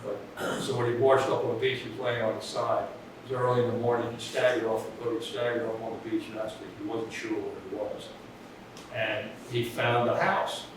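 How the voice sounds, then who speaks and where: Man, casual storyteller, rambling delivery; distant mic in a very echoey space with clear background noise. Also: mid-range voice, little pitch movement, brisk. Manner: rambling, restarts, chuckles at his own story. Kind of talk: casual anecdote.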